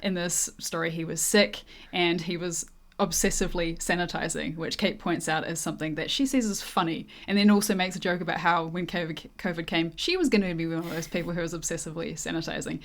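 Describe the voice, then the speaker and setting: A woman's voice: fairly low pitch, fairly even intonation, fairly quick. Methodical woman explaining a typing system. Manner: methodical, lays out definitions step by step. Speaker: co-host teaching personality typing. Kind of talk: explanatory lesson commentary.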